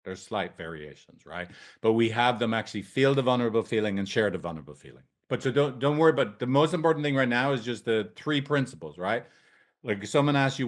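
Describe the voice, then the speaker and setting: A man's voice: fairly low pitch, lively intonation, brisk. A man teaching couples therapy in a loose, joking way, with swearing and asides. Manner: loose, jokey, profane, tangents. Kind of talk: casual training talk.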